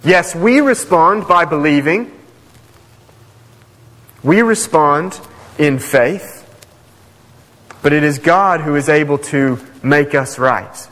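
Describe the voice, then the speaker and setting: Man, preacher, sermon, emphatic, shifting pace, higher voice, hall reverb. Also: fairly bright tone. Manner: emphatic, swings between fast asides and slow stressed phrases. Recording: echoey hall.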